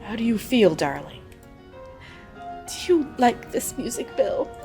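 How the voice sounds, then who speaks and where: A woman voicing a frail, loving older wife in a high, soft calling voice. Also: big pitch swings, slow pace, gravelly, faint music behind, exaggerated voice. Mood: tender.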